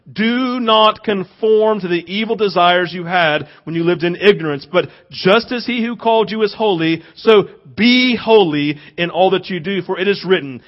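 A man preaching in a high voice, animated and expressive, jumping into playful little impressions before dropping low and intimate. The sound is a bit dull and lo-fi. He sounds like a pastor speaking to his congregation. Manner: animated preaching, acting out voices and rising to loud emphasis. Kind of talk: sermon.

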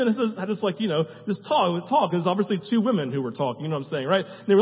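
Husky man preaching in a reverberant hall. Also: high-pitched, animated, fast, dull audio. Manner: conversational preaching with frequent "right?" asides. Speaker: pastor. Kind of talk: sermon. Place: church sanctuary.

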